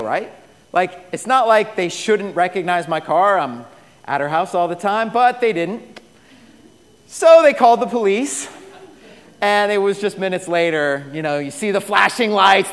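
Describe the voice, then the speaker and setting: High-voiced pastor preaching in a hall. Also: male voice. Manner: storytelling, swings from loud to hushed. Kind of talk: sermon.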